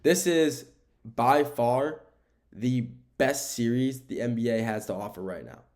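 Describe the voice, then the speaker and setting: A young American man hosting a sports podcast alone. He rambles in casual chat, repeats himself and uses a lot of fillers, and he gets excited when he talks about the games. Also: medium pitch, unhurried. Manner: grows excited when talking about the game. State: sleepy, keeps yawning. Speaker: podcast host.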